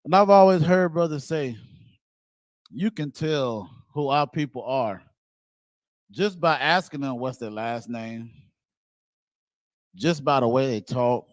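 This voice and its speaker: High-voiced man preaching bluntly. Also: unhurried, long pauses, dry recording. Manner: animated, blunt, swears casually, laughs and shouts at times. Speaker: speaker on a religious group's show. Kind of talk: casual preaching talk.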